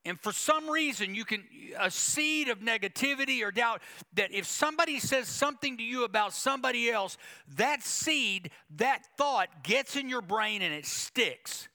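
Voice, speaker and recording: Male pastor, sermon delivery, gravelly edge, emphatic and repetitive. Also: extremely high pitch, expressive, moderate pace, pushed and bright. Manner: emphatic preaching with quoted asides and repetition.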